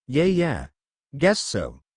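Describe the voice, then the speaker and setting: Guy doing a nervous stammery teen hero boy, apologetic, lively up and down, dry sound. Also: fairly high pitch, takes it slowly, slightly rough, dry recording, full character voice. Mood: relieved.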